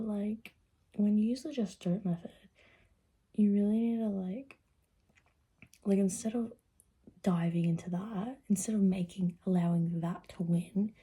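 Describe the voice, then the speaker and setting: A woman's voice: medium pitch, warm tone, slightly rough. A young woman vlogging in casual, rambling chat, swearing freely and often dropping into a whisper. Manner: rambling and profane, drifts into whispers.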